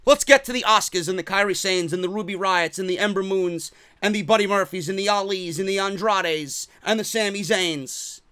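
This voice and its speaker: A man's voice: high-pitched, normal speed, hardly any pauses, sharp tone, clean tone, no echo. A man giving heated, profane, sarcastic commentary on wrestling in a vlog. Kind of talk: ranting commentary.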